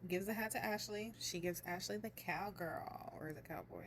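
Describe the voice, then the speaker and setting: A young woman chatting casually as she recaps a reality show, telling it in a lively way and slipping into other people's voices. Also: mid-range voice, normal speed, a little hiss or hum. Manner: chatty, animated retelling with quoted voices.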